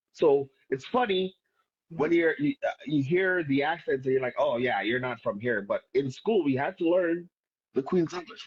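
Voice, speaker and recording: A man's voice: mid-range voice, a little mellow, slightly rough, muffled recording. A man with a Jamaican accent, a poet guest talking casually in an interview, often restarting and asking "right?". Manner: frequent restarts and filler, rhetorical "right?".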